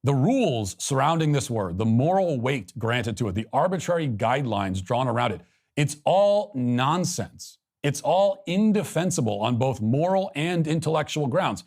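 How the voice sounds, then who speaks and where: A man reading a prepared commentary with measured, declamatory emphasis. His pitch moves animatedly up and down as he stresses each point, while his voice stays at an average height. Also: sing-song, darkish tone. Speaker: political commentator. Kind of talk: scripted commentary monologue.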